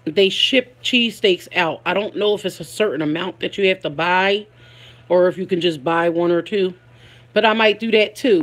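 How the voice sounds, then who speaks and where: A woman with a Philadelphia accent hosting a casual live stream, chatting with viewers, greeting them by name and laughing often. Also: medium pitch. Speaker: livestream host.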